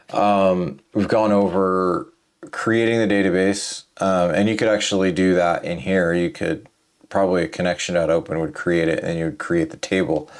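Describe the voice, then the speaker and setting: A man with a very low voice talks through a coding tutorial in a loose, rambling way. He sounds tired, and his sentences are full of fillers, restarts and asides. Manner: rambling, thinking aloud with many fillers and restarts. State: tired, yawning. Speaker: programming tutorial host. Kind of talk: casual coding walkthrough.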